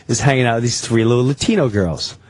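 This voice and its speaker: A man telling a rambling, excitable story as a guest on a talk-radio show, acting out the people in it. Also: medium pitch, fast talker, no room sound.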